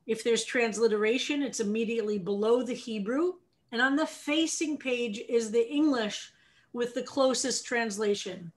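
An American woman rabbi teaching a text study class, explaining lively and asking her students questions. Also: a little high.

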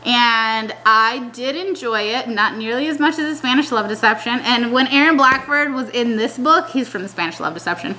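A young woman chatting casually in a vlog, slangy and animated, often trailing off and restarting. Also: on the high side, moderate pace, few pauses. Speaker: vlogger. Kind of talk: casual chat.

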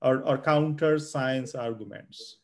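Man, interviewer, hesitant, halting questions, casual. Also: medium pitch, slight background noise. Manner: hesitant, many fillers and restarts. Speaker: host interviewer.

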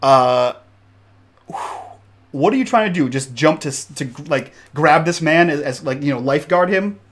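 A man's voice: fairly high pitch, expressive, moderate pace, a bit bright. A man running a tabletop game as game master, narrating a stormy scene in a loose, improvised way.

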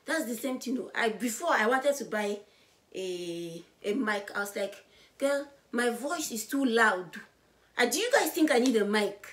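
A woman vlogging to camera, loud and bubbly, with a voice she calls high and loud. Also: very animated, moderate pace. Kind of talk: casual vlog to camera.

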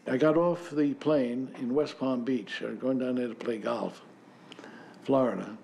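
An older actor in an interview, telling a folksy anecdote and acting out both sides of the dialogue. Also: male voice, medium pitch, a little slow, creaky, a little mellow, slight background noise. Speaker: actor interviewed about a sitcom.

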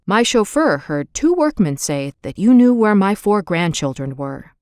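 A woman doing a gruff impatient old gentleman. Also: medium pitch, big pitch swings, unhurried, no echo, clean studio sound. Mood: brusque. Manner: sharp and impatient, then softening.

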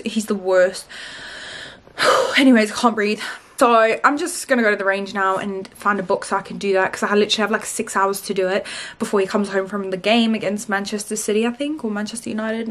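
A young woman, talking casually to camera in a rambling, chatty vlog. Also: a little high. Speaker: vlogger.

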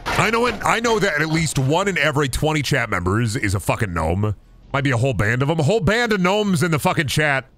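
A man streaming a game live, swearing a lot and talking straight to his chat in an excitable, rambling way. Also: fairly high pitch, quick pace, a little hiss or hum. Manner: profane, excitable, talks to chat. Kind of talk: casual live-stream commentary.

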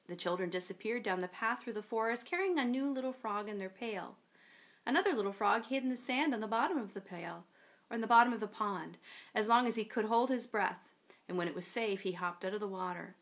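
A woman pastor reading a children's story in a worship service, with a gentle storybook delivery. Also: mid-range voice, brisk.

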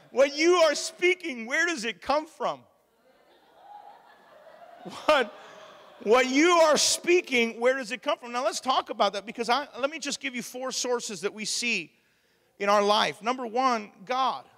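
Pastor, 40s, bright high voice, sermon in a reverberant church hall. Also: male voice. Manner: animated, plays out quoted voices, laughs often.

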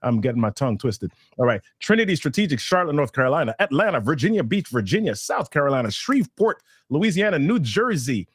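Upbeat male host, animated delivery, dry and close. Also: a little high, fast talker, few pauses, slightly rough, no room sound. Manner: lively, playful, fumbles names. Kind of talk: live show hosting, reading chat.

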